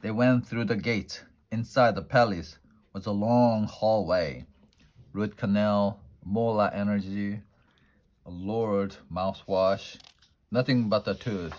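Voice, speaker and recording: A man reading a children's picture book aloud in an unhurried way, with small slips and restarts. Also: on the low side, a little mellow. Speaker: storyteller.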